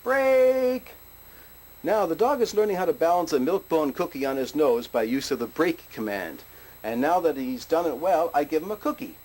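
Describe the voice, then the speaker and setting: A man teaching dog tricks in a plain, explaining way, with bursts of high, cheerful praise for the dog. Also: expressive, fairly quick, darkish tone. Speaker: dog trainer. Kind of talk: instructional talk. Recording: music playing underneath.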